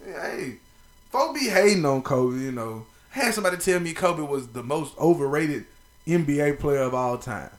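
A young man rants about sports on his own podcast, loose and profane, tossing out shout-outs as he goes. His voice sits a bit high and leaps up and down constantly. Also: moderate pace. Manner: animated, profane, playful trash talk with shout-outs. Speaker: podcast host. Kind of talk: casual sports podcast monologue.

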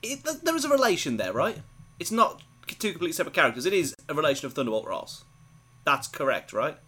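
A man's voice: a little high, sing-song, fast, bright, forceful tone. A man co-hosting a podcast, chatting eagerly about a film and retelling its scenes. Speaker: podcast co-host. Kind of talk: casual film-review chat.

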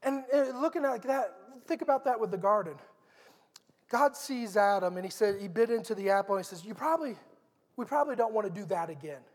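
A man's voice: sits high, animated, fairly quick, in a large hall. A middle-aged man preaching a sermon in an earnest, conversational storytelling manner.

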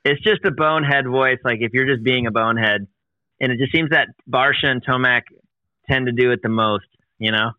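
A man talking in a casual chat, rambling with many restarts and quick laughs. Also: medium pitch, dry recording, dull audio.

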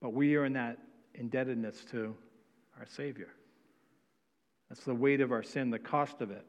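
A man's voice: mid-range voice, normal speed. A male pastor preaching a sermon, reading scripture aloud and then explaining it with frequent "right?" tags. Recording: dull sound with long hall reverb.

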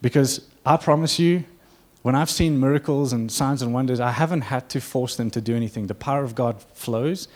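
A male pastor delivering a sermon to his congregation in an earnest, conversational manner. His voice sits at an ordinary middle pitch. He slips into short acted-out quotes. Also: a little fast, few pauses, a little mellow.

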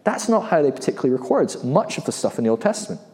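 A man giving a sermon in a conversational, animated way, often acting out quoted voices and restarting his sentences. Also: medium pitch, rapid-fire. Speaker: preacher. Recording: reverberant hall.

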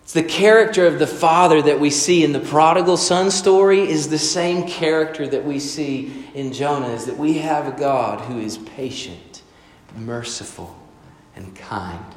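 A man preaching a sermon, telling a story and acting out the voices in it, swinging from loud to soft. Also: a little high, a little slow. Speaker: pastor. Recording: echoey hall.

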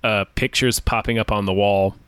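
A man co-hosting a casual movie-review chat, measured, often restarting his words. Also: lowish voice, fairly even intonation, a bit bright, clear, resonant tone, no room sound. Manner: measured, with repeated starts. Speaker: podcast co-host.

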